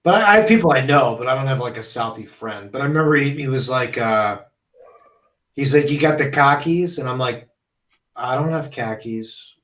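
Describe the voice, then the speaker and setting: A man's voice: medium pitch, normal speed, fairly bright tone. Brief: young male guest, rambling laid-back talk, echoey room, off-mic. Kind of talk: casual chat, storytelling. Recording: roomy, from a distance.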